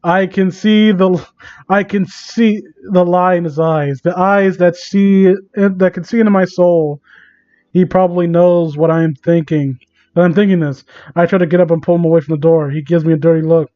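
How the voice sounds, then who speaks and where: A man's voice: high-pitched, fairly even intonation, normal speed, dark tone, no room sound. A man reading fan fiction aloud for comedy, with incredulous asides, on a dull lo-fi recording.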